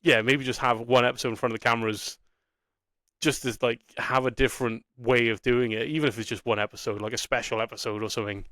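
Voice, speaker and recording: A man's voice: medium pitch, little pitch movement, fast talker, fairly bright tone, no room sound, clean studio sound. A man co-hosting a casual podcast, chatty and full of fillers. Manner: chatty, many fillers like "yeah, no". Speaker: podcast co-host.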